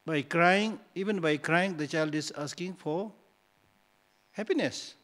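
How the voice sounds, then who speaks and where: A man's voice: on the high side, measured pace, a bit bright. A male Buddhist teacher giving a dharma talk in a hall, conversational and teasing, full of rhetorical questions.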